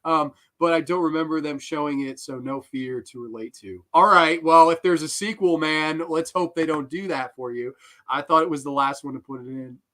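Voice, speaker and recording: A man's voice: a little high, moderate pace, fairly bright tone. A young man hosting a live film commentary, rambling and swearing, often laughing. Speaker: host.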